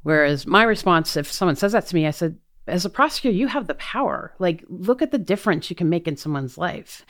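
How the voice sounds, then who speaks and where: A woman's voice: fairly low pitch, lively intonation, brisk. A middle-aged woman, a prosecutor running for office, answering interview questions earnestly with frequent fillers and restarts. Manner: earnest, thinks aloud with many fillers. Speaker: prosecutor and DA candidate.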